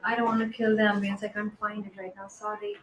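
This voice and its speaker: A woman, chatting casually on a live stream. She greets viewers by name, blows kisses and gives soft, encouraging pep talks. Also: medium pitch, level tone, fast, a little hiss or hum, rough recording. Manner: switches between English and Hindi.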